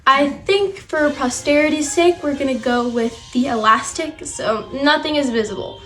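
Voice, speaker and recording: A woman's voice: high-pitched, normal speed, a bit bright. A young woman talking to camera in an upbeat, breezy way as she explains her sewing steps. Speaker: costume sewing vlogger. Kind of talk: on-camera tutorial talk.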